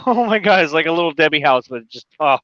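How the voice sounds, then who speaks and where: A man's voice: on the high side, animated, fast talker, sharp tone, no room sound, dull audio. A man chatting casually and enthusiastically, laughing and exclaiming as he talks. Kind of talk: casual chat.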